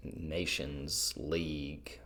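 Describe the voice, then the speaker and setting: Low-voiced man in easy football chat. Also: flat delivery, drawn-out words, bright, forceful tone. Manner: easygoing, conversational, jokey asides. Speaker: co-host of a football podcast. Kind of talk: casual sports chat.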